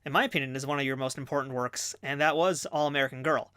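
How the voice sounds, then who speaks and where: A man's voice: medium pitch, fairly even intonation, quick pace, sharp tone, smooth, no echo, studio quality. A man hosting a podcast interview, asking eager, fan-like questions.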